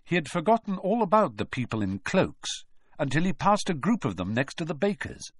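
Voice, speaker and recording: A man reading a storybook aloud as narrator, expressive, shifting his voice to follow the story. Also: a little high, fairly quick, no room sound, clean studio sound.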